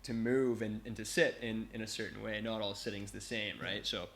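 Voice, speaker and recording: Laid-back Canadian man, bright voice. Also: on the low side, steady tone, fairly quick, gravelly, slight background noise. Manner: laid-back, mellow, lots of fillers. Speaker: guest, movement coach. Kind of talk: casual interview chat. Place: Bali.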